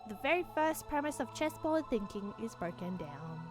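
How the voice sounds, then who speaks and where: A woman voicing an eerie little girl who lectures slowly and ominously during a casual visual novel read-along. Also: a little high, very animated, music in the background.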